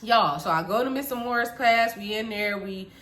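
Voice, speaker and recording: Bright, chatty young woman storyteller. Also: fairly high pitch, moderate pace. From Caribbean. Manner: animated, chatty, addresses viewers directly. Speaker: vlogger. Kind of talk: storytime vlog. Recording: echoey room.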